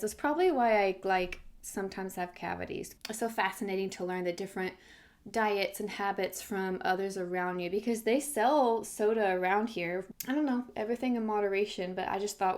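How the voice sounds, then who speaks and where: A woman's voice: medium pitch, fairly quick, darkish tone. An American woman in her thirties chatting casually in a vlog, self-deprecating and laughing often. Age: 30s. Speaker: vlogger.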